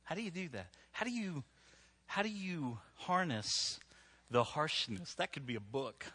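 A man's voice: fairly high pitch, expressive, measured pace, sharp tone, breathy edge. A middle-aged man preaching a humorous sermon to a live church audience, joking and talking conversationally, often checking in with "right?". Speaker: pastor.

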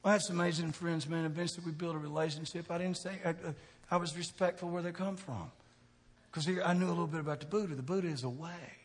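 Preacher guy, chatty, asks the crowd stuff, gets loud then quiet, slightly high voice, long echo. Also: steady tone, quick pace, breathy edge. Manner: conversational preaching, asks the crowd questions, swings from soft to shouting. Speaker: pastor. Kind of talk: sermon. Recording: long hall reverb.

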